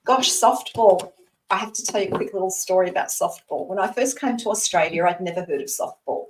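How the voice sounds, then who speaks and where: A woman's voice: lowish voice, brisk. Scottish-born psychic woman in her 60s, reassuring live card reading, roomy sound from a distant mic. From Scotland. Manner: warm, reassuring, talks to the asker by name. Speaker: psychic reader.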